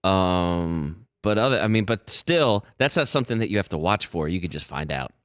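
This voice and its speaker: A man with a smooth, resonant, fairly low voice answers slowly on a sports talk radio show, pausing and restarting often. The studio sound is dry. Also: lively intonation, dry recording. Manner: hesitant, full of restarts.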